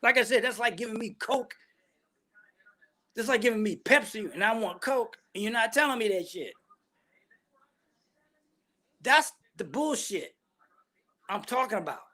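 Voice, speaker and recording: A man's voice: sits high, expressive, measured pace, pauses often, sharp tone. A man ranting bluntly and profanely about politics, full of heavy slang. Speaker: vlogger giving opinions.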